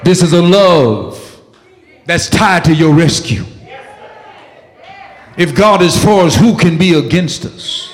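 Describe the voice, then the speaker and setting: A male preacher in full flight, his voice riding high and swinging wildly up and down. He calls to the congregation and builds to shouts. The sound rings around an echoey room. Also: animated, takes it slowly, pauses often. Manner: fiery call-and-response preaching, rising to shouts. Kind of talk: sermon.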